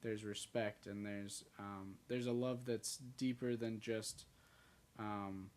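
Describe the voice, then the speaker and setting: A man co-hosting a podcast, talking in a hesitant, soft-spoken way with many "like"s and "um"s. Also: on the low side, steady tone, takes it slowly. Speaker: podcast co-host. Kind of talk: casual chat.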